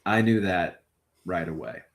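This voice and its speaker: A man's voice: low-pitched, measured pace, gravelly, voice pushed down. A man voicing a caring, blunt partner in a tabletop game, speaking earnestly and swearing often. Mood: tender. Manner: earnest, blunt and profane, tender. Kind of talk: tabletop role-play in character.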